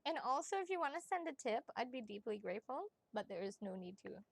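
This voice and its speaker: A woman reading as a psychic in a casual livestream chat, chatty and excitable, laughing often and swearing casually. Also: on the high side, fast, vocal fry, slight background noise. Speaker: psychic reader.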